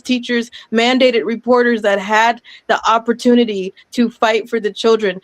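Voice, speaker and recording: Woman, 30s, overwhelmed impassioned speaker, slightly high pitch, dry sound. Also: dry recording. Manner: emotional, loud and laughing, apologetic. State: sweating, overwhelmed. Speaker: guest speaker. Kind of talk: impassioned speech.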